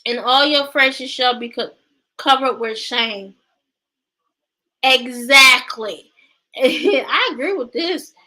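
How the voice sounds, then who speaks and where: A woman's voice: sits high, slow pace, pauses often, pushed and bright. A woman hosting a Bible study, reading scripture aloud and chatting casually about it, stumbling and restarting over words. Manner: chatty, exclaims to live viewers.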